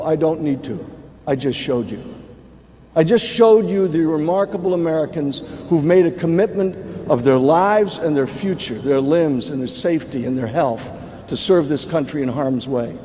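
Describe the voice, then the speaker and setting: A man's voice: a little high, warm tone, a little hiss or hum. A man in his sixties giving a dramatic speech at a banquet, telling vivid war stories. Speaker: keynote speaker. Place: large banquet hall. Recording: echoey hall, faint room ambience.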